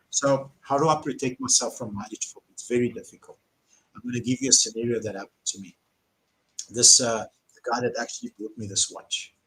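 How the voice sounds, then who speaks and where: South african guy running a live q&a, blunt and animated, swears a bit. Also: mid-range voice, low-quality recording. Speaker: car dealer hosting a live Q&A. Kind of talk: casual live Q&A storytelling.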